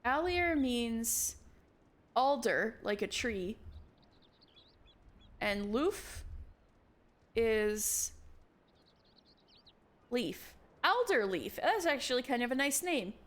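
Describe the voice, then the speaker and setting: A woman's voice: a little high, big pitch swings, drawn-out words, pauses often. A woman streamer chatting casually while playing, musing aloud as she works things out. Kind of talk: casual game-stream chat.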